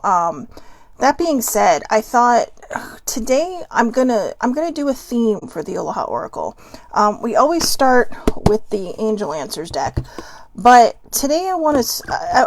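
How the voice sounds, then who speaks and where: A woman's voice: on the high side, no echo. A woman hosting a casual oracle card reading show, chatty and rambling, swearing casually as she talks. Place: at home by a desk lamp.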